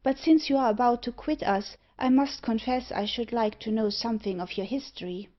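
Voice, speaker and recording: A gentle, anxious young girl in a gothic audiobook, read by a woman. She speaks softly and carefully, and the recording has a somewhat dull, lo-fi tone. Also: fairly high pitch, a little fast, natural voice. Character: gentle, frightened young blacksmith's daughter.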